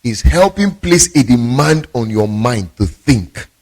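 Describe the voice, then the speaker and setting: A male pastor delivers a sermon with emphatic storytelling. His voice sits at an ordinary middle pitch for a man. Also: expressive, measured pace, a little mellow.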